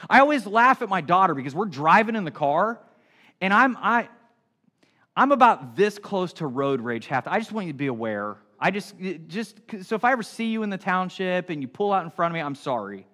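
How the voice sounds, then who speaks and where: Man, middle-aged, pastor, sermon, high voice, very expressive pitch, conversational, animated asides. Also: fairly quick.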